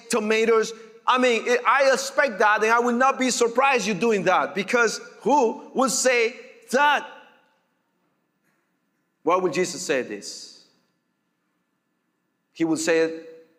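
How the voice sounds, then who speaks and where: A man preaching a sermon as pastor, emphatic and deliberate, repeating his key phrases. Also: high-pitched, fairly bright tone, in a large hall.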